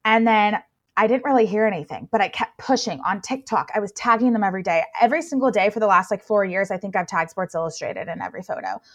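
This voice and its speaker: A woman's voice: medium pitch, fast. A young woman, a plus-size model, telling her story in a casual interview, gushing and full of filler words. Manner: gushing, filler-heavy, excitable.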